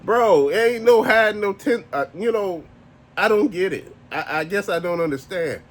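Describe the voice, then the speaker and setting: Blunt, exasperated man ranting high and lively. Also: moderate pace. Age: adult, married. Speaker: toy collector vlogger. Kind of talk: casual ranting monologue.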